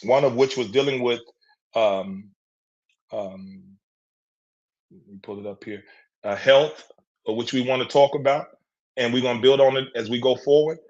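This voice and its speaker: A man's voice: medium pitch, steady tone, normal speed, long pauses, lo-fi sound. A man hosting a casual group call, encouraging and full of affirmations. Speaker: host. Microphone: online call.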